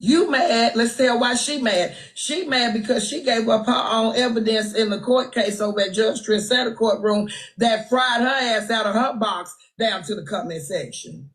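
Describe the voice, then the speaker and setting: A woman's voice: fairly high pitch, moderate pace, few pauses, poor audio. A woman with a Texan accent hosting a phone livestream, giving brash, sassy gossip commentary and calling people out. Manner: brash, trash-talking, sassy. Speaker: livestream host. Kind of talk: casual live-stream gossip commentary.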